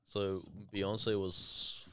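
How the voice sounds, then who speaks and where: A man co-hosting a podcast, telling stories in a lively way with laughing asides. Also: low-pitched, very slow, smooth, no echo. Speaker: podcast co-host. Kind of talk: casual chat, storytelling.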